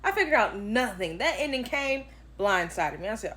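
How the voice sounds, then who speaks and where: A woman book reviewer telling an animated, dramatic storytime to camera. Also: mid-range voice, normal speed, slight background noise.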